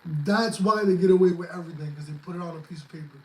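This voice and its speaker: Male guest, high voice, blunt and cursing, echoey room. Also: fast. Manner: blunt, profane, emphatic advice-giving. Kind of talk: casual livestream chat.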